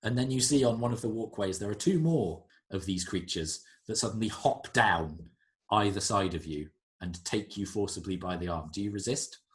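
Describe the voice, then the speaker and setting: Lively-voiced man running a tabletop game. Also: on the low side. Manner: descriptive, unhurried scene-setting. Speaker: game master.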